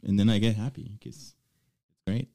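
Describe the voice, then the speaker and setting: A man's voice: on the low side, normal speed, gravelly, dark tone. A man co-hosting a podcast, playful and teasing, laughing often. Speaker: podcast co-host. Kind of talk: casual chat.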